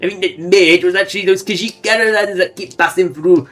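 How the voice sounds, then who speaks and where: A man's voice: high-pitched, steady tone, fairly quick, fairly bright tone, soft background music, voice pushed up. A man reading a game character's diary aloud in a raised voice, playing a fed-up young farm wife who sounds snippy and gossipy.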